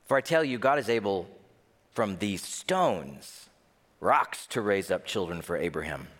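Animated male preacher in a reverberant hall. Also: deep voice, unhurried. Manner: animated, acts out quoted voices. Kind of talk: sermon.

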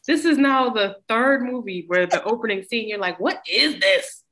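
A woman's voice: on the high side, a bit bright, a little hiss or hum. A woman co-hosting a podcast in casual, playful chat, laughing often. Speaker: podcast co-host.

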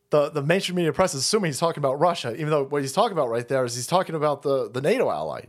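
Guy ranting on his stream, sarcastic and foul-mouthed, voice sits kinda high. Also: expressive, fast talker. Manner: profane, sarcastic, mocking. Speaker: streamer host. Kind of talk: ranting political commentary.

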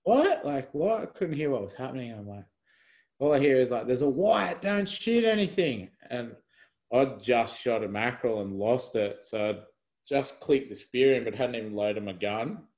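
A man's voice: medium pitch, normal speed, a little mellow, poor audio. A young man telling a story as a podcast guest over a video call, rambling with lots of fillers and laughs. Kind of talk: casual storytelling in conversation.

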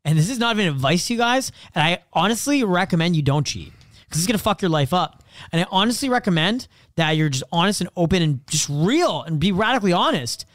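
Fast-talking young man, profane and candid. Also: sits high, big pitch swings, a bit bright, dry recording, studio quality. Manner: fast, profane, confessional, acts out quotes. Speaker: podcast co-host. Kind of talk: candid casual chat.

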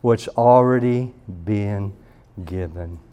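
A man preaching at a church meeting, telling a story and acting out the voices of the people in it with loud bursts. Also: fairly low pitch, slow pace, muffled recording, crowd noise. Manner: animated, acts out quoted voices loudly. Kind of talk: sermon with storytelling.

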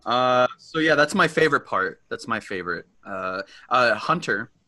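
A young man co-hosting a casual film podcast, talking in halting bursts with lots of fillers and teasing jokes. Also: mid-range voice, lively intonation, pushed and bright, no room sound. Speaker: podcast co-host.

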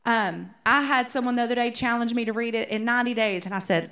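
A woman's voice: on the high side, fairly even intonation, fast talker, a bit bright. Woman teaching a women's Bible study. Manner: conversational, often checking in with "okay?".

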